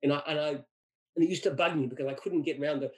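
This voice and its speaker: A man's voice: on the high side, fairly even intonation, quick pace, a little mellow, rough recording. A middle-aged man from Australia answers interview questions with anecdotes. He speaks emphatically and repeats words when he restarts a sentence. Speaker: franchise founder.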